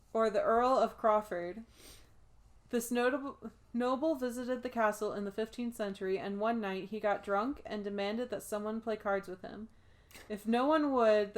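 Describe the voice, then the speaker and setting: An American woman co-hosting a casual podcast, reading out notes and stumbling over names. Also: mid-range voice. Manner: reads history notes aloud, stumbling on names. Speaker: podcast co-host.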